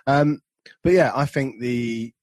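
A man's voice: medium pitch, takes it slowly, a little mellow, dry recording. A man co-hosting a podcast, chatting casually with wry, joking asides. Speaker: podcast co-host. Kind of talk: casual chat.

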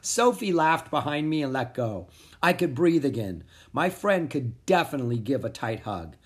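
An expressive reader narrating a children's storybook aloud in first person. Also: medium pitch, normal speed. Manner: expressive, animated. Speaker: audiobook narrator.

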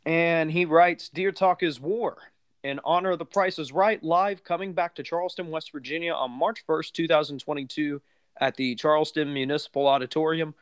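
A man's voice: fairly high pitch, normal speed, clean tone, dry recording. A man hosting a podcast in casual chat, rambling with lots of fillers and restarts. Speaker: podcast host.

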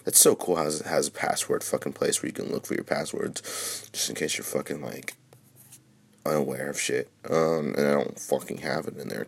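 Deep-voiced, foul-mouthed young man. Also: normal speed, creaky, breathy edge. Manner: excitable, swears constantly, swings from mumbling to shouting. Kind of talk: casual profane livestream chatter.

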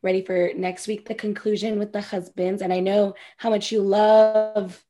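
A woman's voice: medium pitch, normal speed. A woman co-hosting a podcast, recapping a reality show in casual, profane, gossipy chat, acting out the cast members' lines. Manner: gossipy, profane, animated quoting. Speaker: podcast co-host.

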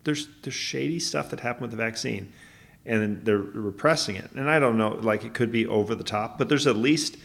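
A man's voice: medium pitch, moderate pace, vocal fry, a bit bright. A man co-hosting a podcast, talking casually and rambling through stories, often correcting himself. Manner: rambling, self-correcting storyteller. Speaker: podcast co-host. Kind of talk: casual chat.

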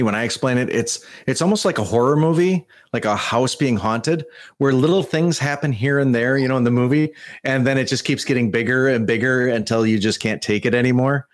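A man co-hosting a podcast interview, forming his questions in searching, restarting phrases. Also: medium pitch. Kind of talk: interview conversation.

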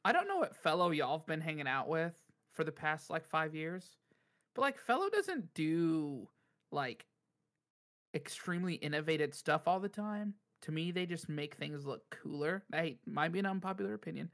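A man with a fairly high voice co-hosts a casual coffee podcast. He tells stories in an animated, chatty way and laughs often. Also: normal speed. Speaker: podcast co-host, cafe worker. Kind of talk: casual chat.

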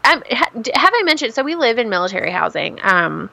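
A woman's voice: on the high side, big pitch swings, brisk, vocal fry, bright, forceful tone. A young woman co-hosting a casual chat, telling a rambling story full of swearing and restarts. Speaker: podcast co-host.

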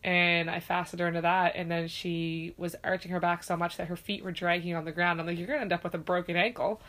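A woman's voice: on the low side, level tone, fast talker, fairly bright tone. A woman, a mother, chatting casually and candidly, swearing freely and acting out quoted lines. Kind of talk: casual chat.

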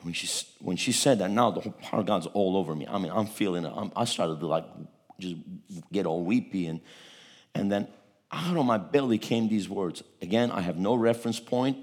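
A man's voice: sits low, expressive, a little fast. A man preaching a testimony sermon, telling a story with repeated words and a voice that swells at its peaks.

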